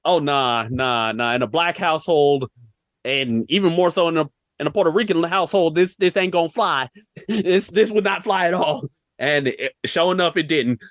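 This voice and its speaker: A man co-hosting a podcast, chatting casually about a movie in an animated, slangy way. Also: on the high side, moderate pace, no echo, clean studio sound. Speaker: podcast co-host. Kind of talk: casual movie review chat.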